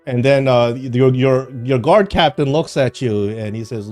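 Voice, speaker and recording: A man's voice: mid-range voice, a little slow, darkish tone, soft background music. A man narrating a tabletop game as game master, rambling through scenes with fillers and restarts.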